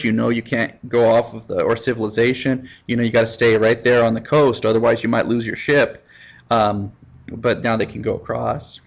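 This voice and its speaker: A high school history teacher gives a jokey recorded lecture, teaching in a casual, playful way full of goofy asides and put-on quotes. His voice is medium in pitch and a bit bright.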